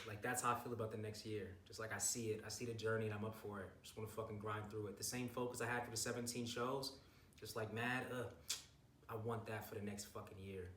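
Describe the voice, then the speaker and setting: Here a young bodybuilder vlogger speaks in a lowish voice with flat delivery, fairly quick. He's casually recapping his bodybuilding show, hyped, rambling and swearing plenty, in a roomy recording distant from the mic with faint noise.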